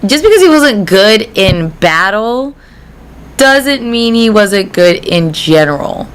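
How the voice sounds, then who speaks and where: A woman's voice: mid-range voice, very animated, takes it slowly, clear, resonant tone. Brash joking young woman. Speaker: podcast co-host. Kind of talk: casual banter.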